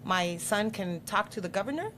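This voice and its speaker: A middle-aged woman guest talks in a relaxed, animated storytelling style and slips into voices for the people she quotes. Her pitch sits in an ordinary middle range. A faint hiss runs under the recording. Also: moderate pace. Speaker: guest politician. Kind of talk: casual storytelling.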